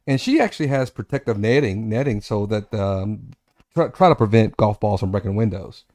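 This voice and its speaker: A man in his forties hosting a casual chat show, telling a long personal story with self-corrections and animated asides. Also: on the low side, moderate pace, no room sound, studio quality. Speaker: podcast host.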